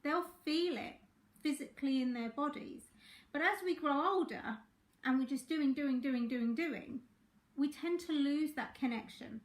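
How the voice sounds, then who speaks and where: A high-voiced woman talks viewers through a live coaching session, her voice croaky from a sore throat. She talks in an easy, chatty way with plenty of fillers. The sound rings in an echoey room. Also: a little slow. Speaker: life coach. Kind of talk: live-streamed coaching talk.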